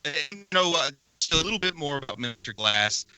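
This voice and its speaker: Very bright man with a wry humor. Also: fairly high pitch, very animated, fairly quick, smooth, no echo, poor audio. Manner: wry, dry jokes. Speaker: podcast co-host. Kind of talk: casual movie-review chat.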